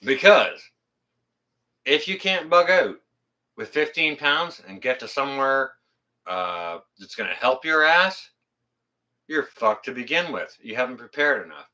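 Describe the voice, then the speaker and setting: Pitched in the middle and sing-song, this man talks at a measured pace with frequent pauses and a sharp tone. He's a YouTube host casually reading viewer comments on a livestream, plain-spoken and profane, rambling and fixing his own words along the way.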